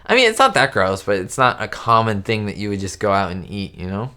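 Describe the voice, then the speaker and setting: Recorded on a home webcam setup, a YouTube host with a fairly low voice chats casually on a live stream, answering viewers' questions as they arrive. He's expressive, a little fast and sharp-toned, rambling, restarting sentences and leaning heavily on "like" and "you know."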